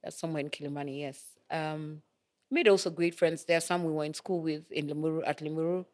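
A woman's voice: deep voice, steady tone, brisk, a little mellow. Middle-aged woman from Kenya, interview guest, chatty, acts out quotes, laughs easily. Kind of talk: casual interview storytelling.

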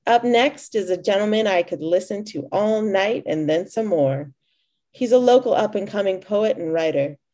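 A showy female club emcee gushes in a sing-song lilt over the crowd, as a woman reader puts her on. The tone stays soft and mellow, never sharp. It is a storybook reading, not a full performance. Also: mid-range voice, lively intonation, normal speed, close to an everyday voice. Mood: gushing.

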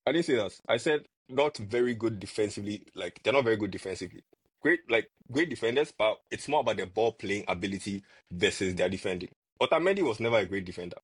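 A man talks football casually as a podcast co-host. His voice sits low and sounds husky. He gets animated and repeats words when he argues, and the sound is dry. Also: fast talker, dry recording.

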